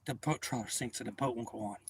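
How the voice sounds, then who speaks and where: A man hosting a livestream outdoors, telling a story to his chat in a loose, profane, animated way. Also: mid-range voice, fast, breathy edge, no echo. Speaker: livestream host. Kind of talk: casual storytelling to live chat.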